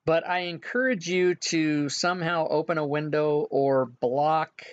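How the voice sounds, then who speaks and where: A man's voice: a little high, a little slow, smooth, dull audio. A man working as game master, casually walking players through setup with frequent filler sounds. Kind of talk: casual instructions during an online game session.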